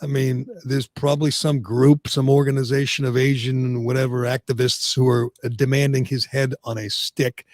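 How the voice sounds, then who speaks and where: A man's voice: mid-range voice, normal speed, hardly any pauses, no room sound, studio quality. A man hosting an opinionated sports talk radio show, ranting with lots of restarts. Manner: animated ranting, frequent restarts.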